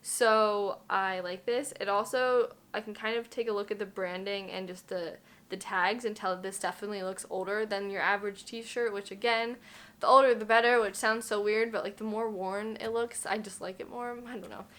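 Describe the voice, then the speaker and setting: A woman's voice: mid-range voice, fairly even intonation, moderate pace, a bit bright. A woman in her twenties talking casually through an unboxing review, chatty and self-deprecating, with lots of fillers. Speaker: thrift vlogger.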